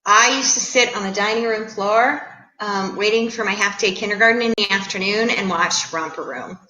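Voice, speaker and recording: A middle-aged woman from the Chicago area, hosting a live stream and greeting viewers in a bubbly, excitable, chatty way. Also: mid-range voice. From Chicago area, USA. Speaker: livestream host. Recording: echoey room.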